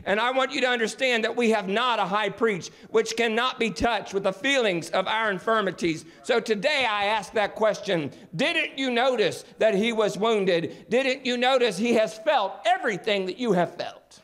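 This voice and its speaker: A man with a notably high voice delivers a church sermon. He preaches earnestly, leaning on repeated refrains to build his point. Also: normal speed, few pauses, fairly bright tone. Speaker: pastor. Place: church sanctuary.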